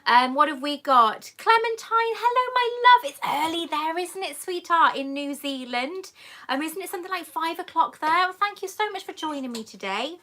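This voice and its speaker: A British woman chats her way through a live stream, reading out comments and greeting each viewer as love or sweetheart. Her voice sits a little high and rings bright and forceful. She rambles happily between stories in an easygoing, affectionate way. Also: moderate pace. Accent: British English. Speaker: YouTuber hosting a live Q&A. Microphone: camera mic on a monopod.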